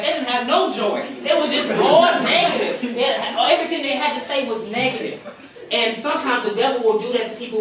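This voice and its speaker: A man preaching a conversational sermon at a campus ministry, telling stories in a colloquial, animated way with asides to the crowd. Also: high voice, slight background noise. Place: hall for a campus ministry gathering. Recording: echoey room, mic far off.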